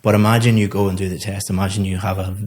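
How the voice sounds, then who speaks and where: A man's voice: low-pitched, flat delivery, fast talker, darkish tone. A man working as an English test teacher, giving a student patient, explanatory spoken feedback with frequent small restarts.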